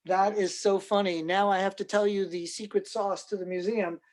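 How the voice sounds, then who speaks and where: Excitable New man hosting. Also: high-pitched, normal speed, rough recording. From New York City. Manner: excitable, joking, chatty storyteller. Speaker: antiques museum host. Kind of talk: casual chat during an unboxing.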